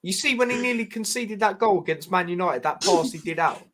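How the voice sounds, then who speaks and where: A man co-hosts a casual football chat, arguing his case and pushing back with "come on, man." His voice is fairly high and lively, swinging up and down as he makes his points. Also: brisk, a little hiss or hum. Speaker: co-host.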